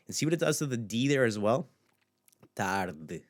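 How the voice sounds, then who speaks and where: A native European Portuguese speaker with a European Portuguese accent, a man teaching a pronunciation lesson and slowly repeating words to model each sound. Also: mid-range voice. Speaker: language teacher.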